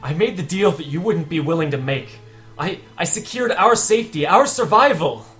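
A desperate young man who bargained with a demon speaks in loud, emphatic, pleading bursts, as a man puts him on in a tabletop game. He is raised well above his usual pitch. Faint music plays behind him. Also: animated, normal speed.

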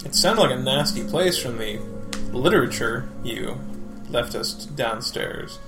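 Man player, inquisitive and thoughtful, mid pitch, music behind. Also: expressive, measured pace, reverberant. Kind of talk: tabletop game play.

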